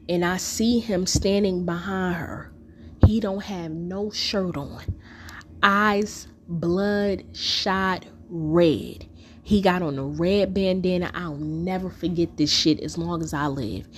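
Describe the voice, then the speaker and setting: A woman's voice: on the low side, takes it slowly, slight background noise. A woman telling a personal story in a casual, profane monologue full of fillers.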